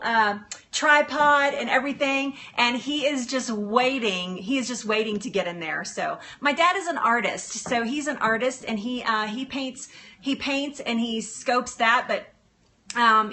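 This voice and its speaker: A woman's voice: on the high side, sharp tone, a little hiss or hum. A woman hosting a live cooking stream from her kitchen, chatting in a bubbly way and answering viewers' comments. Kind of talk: casual live-stream chat.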